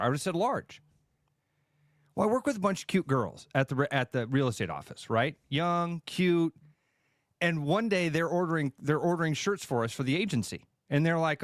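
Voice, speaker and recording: A man co-hosting a radio show, telling a story in an animated, playfully mock-emotional way. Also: a little high, moderate pace, dry recording, studio quality.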